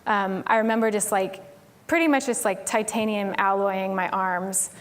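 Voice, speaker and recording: A woman's voice: mid-range voice, moderate pace. A woman from Tennessee giving a casual conference talk on stage, chatty and full of "like" and "um". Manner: chatty, frequent "like" and "um" fillers. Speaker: conference speaker.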